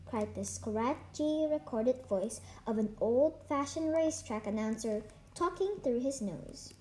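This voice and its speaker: A woman's voice: a little high, expressive, slow pace, mellow, slight background noise. A woman reading a children's novel aloud to a class, carefully and with small restarts.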